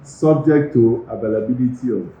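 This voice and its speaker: A man's voice: medium pitch, normal speed, warm tone, a little hiss or hum. A middle-aged man with a Nigerian accent, a university medical director giving earnest, emphatic interview answers in an office. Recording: roomy, slightly dull recording.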